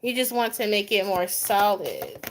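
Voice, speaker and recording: A woman's voice: medium pitch, wildly swooping pitch, normal speed, slight background noise. A young adult woman doing a live tarot reading, chatting with viewers by name in a goofy, easygoing way and laughing often. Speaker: tarot reader.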